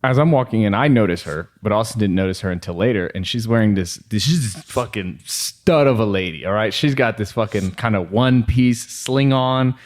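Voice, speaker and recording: A young man co-hosting a podcast, telling a story in casual, profane, animated chat and acting out what people said. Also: on the low side, brisk, hardly any pauses. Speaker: podcast co-host.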